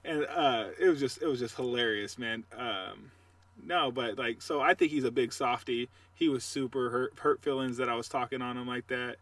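A man co-hosting a sports podcast, chatting casually and telling animated, trash-talking stories. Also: mid-range voice, moderate pace, dry recording, recorded from a distance. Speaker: podcast co-host.

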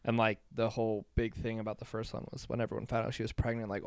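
A man's voice: lowish voice, completely flat delivery, quick pace, smooth, no echo. A man hosting a film podcast in casual chat, hesitant and full of fillers, asking his co-hosts questions. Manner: hesitant, filler-heavy, asks the others questions.

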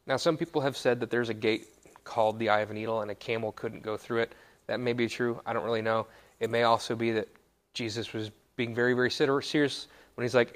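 Male preacher, joking sermon, playful asides, self-correcting, live audience in a hall, mid-pitched voice. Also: fairly even intonation, fast.

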